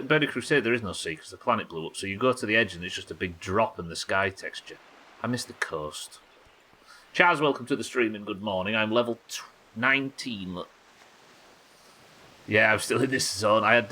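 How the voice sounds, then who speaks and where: A man streaming a game live, talking in quick excitable bursts and chatting to his viewers. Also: fairly low pitch. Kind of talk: live gameplay commentary.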